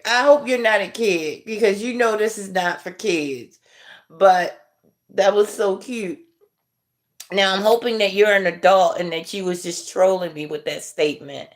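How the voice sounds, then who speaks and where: Middle-aged woman, livestream host, slow easygoing chat, frequent chuckles. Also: medium pitch. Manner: laid-back, drawn-out delivery, chuckling while reading chat. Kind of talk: casual livestream chat with viewers.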